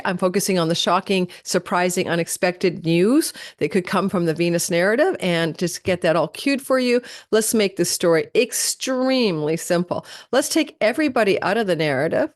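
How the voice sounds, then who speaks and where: Chatty woman astrologer rattling off a forecast fast, lowish voice, dry close mic. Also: no room sound. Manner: fast, chatty, self-correcting, talks quickly like an auctioneer. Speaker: astrology channel host. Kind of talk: live-streamed astrology forecast.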